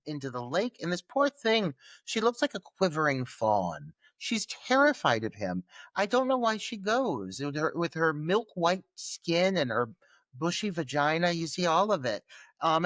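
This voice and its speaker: A man's voice: fairly high pitch, a bit bright, no room sound. A man co-hosting a film podcast in casual chat, chatty and loose. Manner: chatty, many fillers and restarts. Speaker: podcast co-host.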